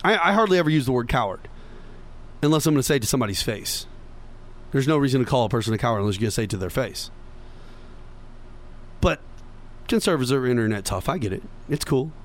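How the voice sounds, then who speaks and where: A man's voice: medium pitch, expressive, fast, pauses often. A man hosting a podcast, delivering an opinionated political monologue with sarcasm and mocking asides. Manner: sarcastic, mocking impressions of others. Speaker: podcast host.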